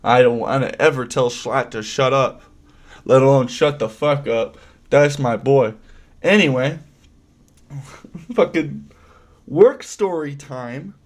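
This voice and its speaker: A man's voice: mid-range voice, slow pace, pauses often. A young man telling a rambling work story on a livestream, full of swearing and filler words. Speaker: streamer.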